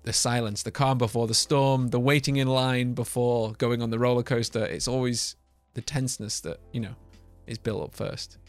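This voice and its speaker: A man's voice: mid-range voice, steady tone, normal speed, hardly any pauses, faint music behind. A man in casual, jokey conversation about video games, riffing on words. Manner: jokey, playful, riffs on words. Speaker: podcast co-host. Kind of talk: casual gaming chat.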